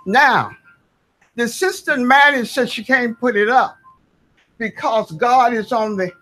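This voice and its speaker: A woman's voice: on the high side, unhurried, pauses often, a bit bright. A woman, speaking as a tenant during public comment at a board meeting, earnest, folksy and insistent. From Southern United States.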